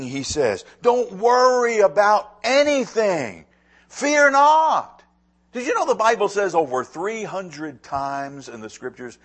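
A middle-aged male pastor with a slightly husky, somewhat raised voice delivers a sermon. His pitch leaps around as he preaches, swinging from loud emphasis to near-hushed asides, and he repeats words as he presses a point.

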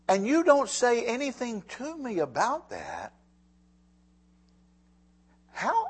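A middle-aged man preaching a sermon as pastor, animated and swinging from loud emphasis to hushed asides, often repeating words as he speaks. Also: high voice, husky.

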